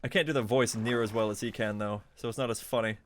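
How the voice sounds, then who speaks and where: A man streaming a video game, chatting casually with viewers, laughing often and reacting excitedly. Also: fairly low pitch, quick pace. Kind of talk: casual live gameplay commentary.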